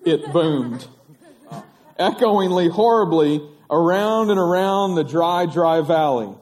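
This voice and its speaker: A man leads children through a story on a stage, his voice high for a man. He is animated and playful, drawing out words for drama and laughing as he goes. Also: slow. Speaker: children's church teacher. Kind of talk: storytelling to children who act it out.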